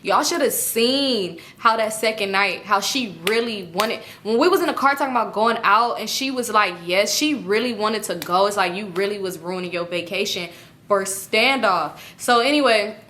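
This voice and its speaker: Young woman storyteller, bright and forceful tone, animated, acts out friends' lines. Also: medium pitch, normal speed, a little hiss or hum. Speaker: storytime YouTuber. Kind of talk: casual storytelling.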